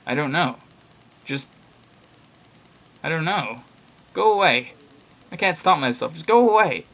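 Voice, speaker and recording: A man's voice: medium pitch, moderate pace, close to an everyday voice. A man voicing a frightened young man who feels driven to kill, pleading in a raised, panicky voice.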